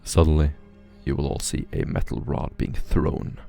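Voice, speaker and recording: A man narrating a tabletop game as game master, describing scenes in a measured way with soft near-whispered asides. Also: very deep voice, little pitch movement, vocal fry, faint music behind.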